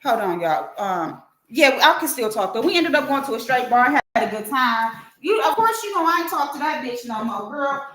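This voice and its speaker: A middle-aged woman hosting a livestream tells a story in a casual way, animated and profane, acting out the quotes as she goes. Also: high voice, moderate pace, hardly any pauses, echoey room. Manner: animated, profane, acts out quotes in her telling. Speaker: livestream host.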